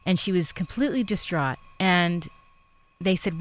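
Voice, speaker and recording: Lady interviewer, lowish voice, chatty, tells a story, lots of mm-hmms. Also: animated, normal speed. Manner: warm conversational storyteller, frequent affirmations. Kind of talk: casual interview chat.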